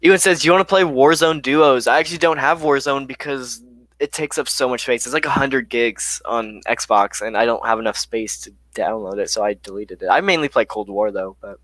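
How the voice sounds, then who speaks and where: A man's voice: medium pitch, fairly quick, no echo. Young man chatting casually on a live stream. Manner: reads chat questions aloud, relaxed and chatty with many fillers. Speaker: live stream host answering viewer chat.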